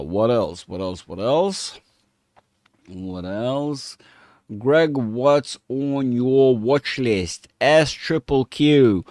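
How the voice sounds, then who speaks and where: A man talks loosely through stock charts in a dry, close-miked recording, mid-pitched and unhurried. He rambles, stumbles over his words and jokes with his viewers as he goes. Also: darkish tone, dry recording. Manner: rambling, self-mocking, chats with viewers. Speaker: market analyst streamer. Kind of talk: casual live chart commentary.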